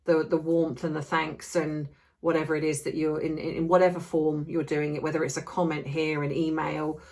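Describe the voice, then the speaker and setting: A woman's voice: low-pitched, level tone, normal speed, darkish tone. A woman giving an impassioned, ranting opinion vlog with many restarts, feeling unwell. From Australia. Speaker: commentary vlogger.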